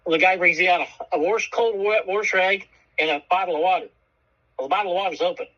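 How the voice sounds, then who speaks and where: A man co-hosting a radio show tells a story with a bright, edgy, slightly husky voice, cursing freely and acting out each person he quotes. The broadcast sound is dull and muffled. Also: high-pitched, quick pace. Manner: animated, profane, acts out quoted voices. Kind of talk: casual storytelling chat.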